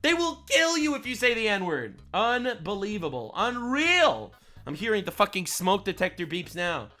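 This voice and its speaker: A man's voice: high voice, big pitch swings, moderate pace, pushed and bright, soft background music. A man delivering ranting commentary, sarcastic and full of profanity, with angry outbursts. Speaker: online commentator.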